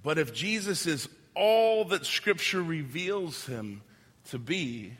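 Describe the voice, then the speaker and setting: A man's voice: on the high side, animated, slow pace, a bit bright, husky. A male pastor preaching a sermon in a conversational, joking way, full of casual fillers. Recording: long hall reverb.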